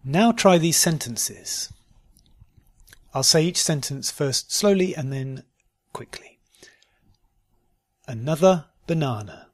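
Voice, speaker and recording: Slow, deliberate British teacher. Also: male voice, a little high, expressive. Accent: British English. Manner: slow, deliberate word-by-word drilling. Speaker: pronunciation teacher. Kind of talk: pronunciation lesson.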